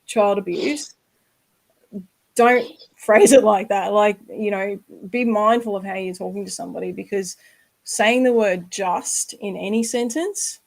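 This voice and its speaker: A woman's voice: medium pitch, vocal fry, rough recording. An Australian woman hosting a podcast interview, speaking earnestly and reassuringly, with casual swearing for emphasis. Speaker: podcast host.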